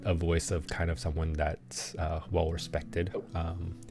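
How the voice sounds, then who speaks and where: A man with a very deep, low voice runs a tabletop role-playing session, describing scenes slowly and haltingly, often stopping to find his words. Faint guitar music sits under his narration. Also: monotone. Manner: halting, many ums and restarts. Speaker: game master.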